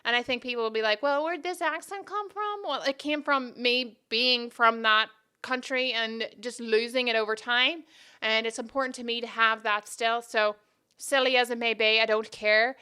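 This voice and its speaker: A woman's voice: fairly high pitch, level tone, normal speed, bright, forceful tone, clean tone. A woman hosting her own podcast, chatting casually and rambling off on tangents in a self-deprecating way. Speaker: podcast host. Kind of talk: casual solo podcast chat.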